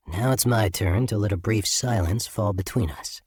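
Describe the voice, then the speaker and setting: Low, husky male audiobook narrator. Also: normal speed, few pauses, a little mellow, no echo, studio quality. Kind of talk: first-person audiobook narration.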